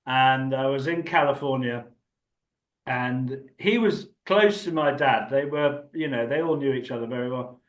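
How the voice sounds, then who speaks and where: A man's voice: medium pitch, unhurried, echoey room, poor audio. An older man telling a rambling anecdote as an interview guest, chatty and laughing often. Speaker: actor and guest. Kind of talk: anecdotal storytelling.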